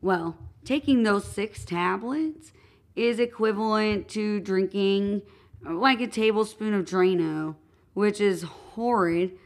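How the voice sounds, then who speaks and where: A woman's voice: mid-range voice, slow pace. A woman co-hosting a podcast, earnestly retelling a true story step by step in casual chat. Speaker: podcast co-host.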